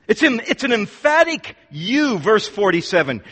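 A man's voice: sits high, very animated, moderate pace, few pauses, fairly bright tone, slightly rough. A man preaching a sermon to his congregation, emphatic and repeating words for force. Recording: long hall reverb.

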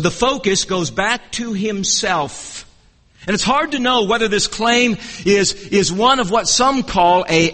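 A man with a notably high voice delivers an expository sermon, earnest and measured, circling back to restart his phrases as he teaches. His words ring out with a long reverb, as from a church sanctuary. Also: fairly bright tone. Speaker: preacher.

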